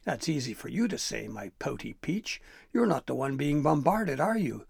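A man's voice: fairly high pitch, very animated, moderate pace, gravelly, slightly rough, no echo, clean studio sound, exaggerated voice. A man voicing an impatient, hungry male troll who growls and grumbles. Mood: grumbling.

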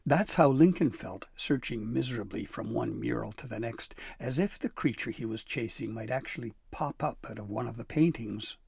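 A man reading a children's storybook aloud with expressive narration. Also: medium pitch, normal speed, creaky, hardly any pauses, breathy edge, dry recording.

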